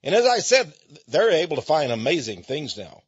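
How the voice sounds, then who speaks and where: Emphatic husky man, dull lo-fi sound. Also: fairly high pitch, very animated, dry recording. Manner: emphatic, drawn-out stresses, repeats himself, chuckles. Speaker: speaker addressing listeners. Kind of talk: preaching-style monologue. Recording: dull lo-fi recording.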